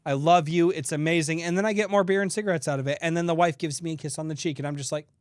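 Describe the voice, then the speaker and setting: Animated high-voiced man telling stories. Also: racing, no room sound, clean studio sound. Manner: animated, swearing, acts out his own grumbling. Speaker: podcast co-host. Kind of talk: casual comedic storytelling.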